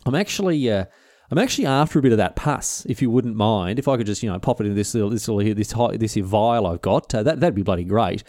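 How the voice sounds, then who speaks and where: A man as a chummy, wheedling country doctor; keep the tone mellow. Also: fairly low pitch, quick pace, dry recording, studio quality, close to an everyday voice. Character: matey 18th-century country doctor, chummy and pushy.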